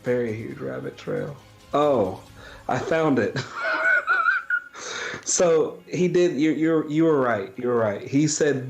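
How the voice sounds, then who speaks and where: A man co-hosting a casual chat show, talking slowly and haltingly, with many pauses and ums. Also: mid-range voice, animated, gravelly, darkish tone, soft background music. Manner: slow and halting, hesitant with ums. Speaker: podcast co-host.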